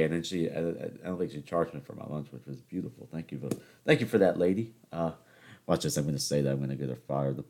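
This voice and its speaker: A young man hosts a podcast on his own, his deep, darkish voice moving fairly quickly as he rambles through stories. It's a casual solo monologue, joking and off-the-cuff, and he keeps interrupting himself.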